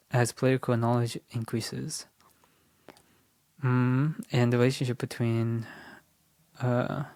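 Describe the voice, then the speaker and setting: A young man talks himself through a timed test in a loose, rambling way, full of "like" and quick self-corrections. He drops into a mutter when he reads the questions. The recording is close and dry, with no room sound. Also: mid-range voice, creaky, dry recording. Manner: mutters while reading questions under his breath. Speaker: test-prep tutor. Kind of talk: thinking aloud through a timed practice test.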